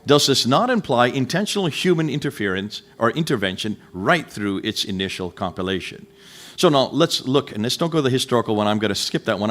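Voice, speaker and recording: Animated man lecturing a live audience. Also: mid-range voice. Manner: animated, rhetorical questions, addresses listeners directly.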